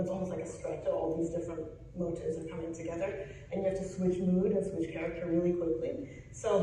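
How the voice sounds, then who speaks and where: A woman's voice: on the low side, warm tone, far from the mic, a little hiss or hum. A woman teaching a piano masterclass, coaching a student and singing rhythms aloud to show the phrasing. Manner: encouraging, sings rhythms aloud. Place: piano studio or hall. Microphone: far room mic. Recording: very echoey room, voice from afar, piano behind. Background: piano playing.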